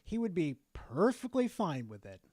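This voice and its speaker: A man's voice: high voice, very animated, moderate pace, darkish tone, dry recording. A man streaming a reaction to a video, swearing often and mocking what he hears with exasperated bluntness. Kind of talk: profane reaction commentary.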